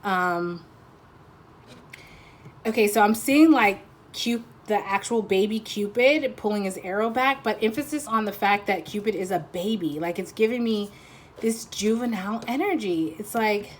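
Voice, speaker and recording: A woman's voice: mid-range voice, unhurried, slight background noise. A woman giving a casual pick-a-card tarot reading, rambling and teasing, often breaking into laughter.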